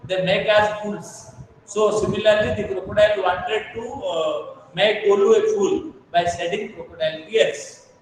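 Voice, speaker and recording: Teacher guy explaining stuff over and over, kinda high voice, super echoey room, mic far away. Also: fairly even intonation, moderate pace, slight background noise. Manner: patient, repetitive, checks understanding. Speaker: English teacher. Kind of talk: classroom explanation.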